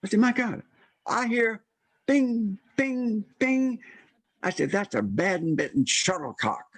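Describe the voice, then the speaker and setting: Older man, husky voice, slightly high pitch, lively personal storytelling, voices quoted people, dry close sound. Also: no echo. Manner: animated, acts out quoted voices. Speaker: guest storyteller.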